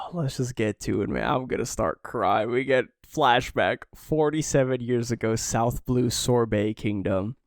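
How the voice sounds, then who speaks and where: A man's voice: mid-range voice, unhurried, hardly any pauses, no room sound, clean studio sound. Emotional man co-hosting a podcast. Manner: emotional, sighing, reads dialogue quietly. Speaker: podcast co-host. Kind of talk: casual chat, reading manga panels aloud.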